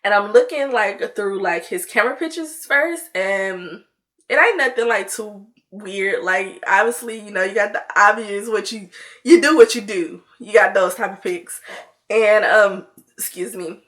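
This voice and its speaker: A young woman spins a storytime for her viewers, rambling and chatty with plenty of "like" and "you know". Her voice is bright and forward at an ordinary middle pitch. She gets lively when she acts out what she said. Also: unhurried. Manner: animated when mimicking herself in dialogue. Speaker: vlogger. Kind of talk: casual storytime chat.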